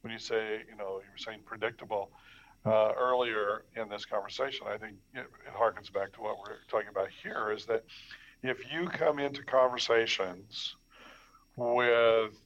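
A man's voice: on the low side, fairly even intonation, normal speed, fairly bright tone. A man in a discussion, reflecting aloud in a hesitant way with many "you know"s and restarts. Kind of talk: conversational discussion. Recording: dull lo-fi mic.

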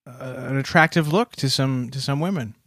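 A male podcast co-host in casual chat, dropping quick deadpan jokes. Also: medium pitch.

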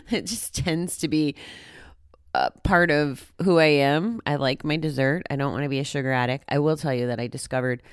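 Female host, very low register, candid self-deprecating chat, dry recording. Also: clear, resonant tone, dry recording. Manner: chatty, rambling, self-deprecating with frequent "like". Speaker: podcast host on gambling recovery. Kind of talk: casual personal talk to listeners. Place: walking outdoors.

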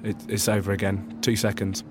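A man's voice: lowish voice, level tone, fairly quick, a little hiss or hum. A man working as a sound engineer, calling out timings in a matter-of-fact way.

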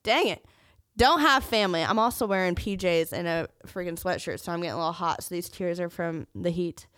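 A woman's voice: on the low side, fairly quick, fairly bright tone, clean tone, no room sound, clean studio sound. A young woman sharing a personal story on her podcast, candid and emotional, near tears at times, with joking asides. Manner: joking asides between serious parts. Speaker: podcast host.

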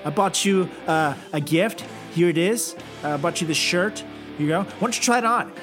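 A man's voice: normal speed, music in the background, lightly acted. A man putting on the voice of a pushy, whiny young male friend in a teasing mock impression. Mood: pushy cheerful. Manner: high-pitched whining, teasing mock voice.

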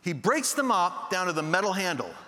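Big-room acoustics surround a man whose high voice moves fairly quickly as he preaches, telling a lively story and voicing each character himself.

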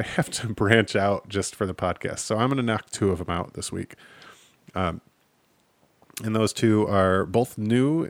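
On a recording with no room sound, a thirtysomething man speaks in a fairly low pitch as he runs his laid-back solo podcast. He's jokey and self-deprecating, with casual swearing sprinkled in.

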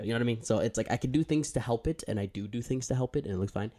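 A young podcast co-host in charge of audio talks very fast into a handheld mic, his medium-pitched voice dark in tone. In casual chat he rambles about how he handles audio and keeps interrupting himself.

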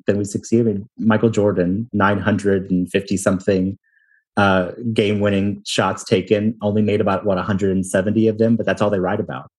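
A man's voice: on the low side, darkish tone, husky. A man in his thirties, a hotel company founder, telling self-deprecating stories in a casual interview and laughing often.

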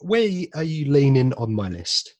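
A man's voice: mid-range voice, very animated, moderate pace, a little mellow, no room sound, muffled recording. A man co-hosting a podcast in casual chat, joking, reading film synopses aloud and swearing now and then. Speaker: podcast co-host.

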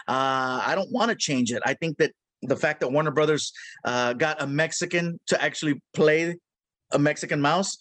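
A man with a high voice and a dry, close sound tells animated, jokey stories as a guest in an interview. He laughs at his own punchlines and keeps slipping into character voices. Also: moderate pace, dry recording. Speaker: guest voice actor. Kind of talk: casual interview.

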